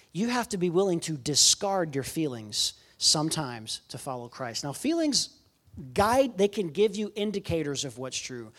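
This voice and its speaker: Young male guest preacher, animated sermon delivery, acts out the voices in his stories. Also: on the high side. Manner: animated storytelling, acting out quoted voices.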